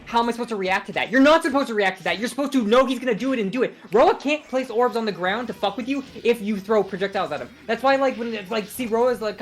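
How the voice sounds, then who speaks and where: A game commentator talking fast over a live match, words tumbling out as he argues about matchups. The delivery is loose, profane and animated. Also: medium pitch, slight background noise. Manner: fast, animated, swears freely. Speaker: tournament commentator.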